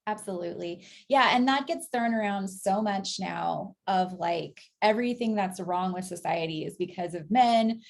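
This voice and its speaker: A woman's voice: medium pitch, moderate pace, vocal fry, few pauses. A woman hosting a podcast, agreeing with her guest and asking questions in casual conversation. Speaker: podcast host.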